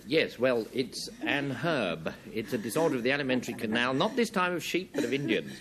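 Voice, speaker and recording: Lively quiz host guy, voice bouncing around, studio crowd behind, bit of hiss. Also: medium pitch, fairly quick. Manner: lively, wry, reads out definitions. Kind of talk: hosting a panel game. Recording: 1970s studio broadcast with audience, noisy. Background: studio audience.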